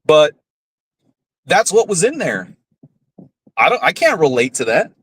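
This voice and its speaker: A man's voice: fairly high pitch, huge pitch swings, unhurried, a bit bright, slightly rough, low-quality recording. Blunt, profane man ranting on a podcast. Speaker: podcast host. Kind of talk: casual ranting commentary.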